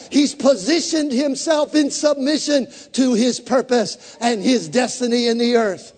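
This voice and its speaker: Pastor, male, very high voice, fervent call-and-response sermon, long hall reverb. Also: a little slow, hardly any pauses, a little mellow.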